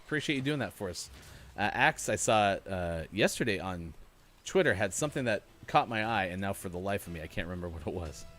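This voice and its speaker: A man's voice: sits low, animated, a little fast, a bit bright, slight background noise. A man hosting a morning gaming stream, chatting casually and rambling with many fillers while he plays. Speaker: show host.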